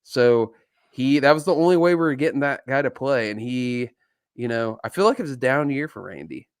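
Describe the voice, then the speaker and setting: Man, podcast co-host, casual joking chat, laughs a lot, medium pitch. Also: lively intonation, brisk, clean tone, dry recording, clean studio sound. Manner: joking, laughs often, many fillers.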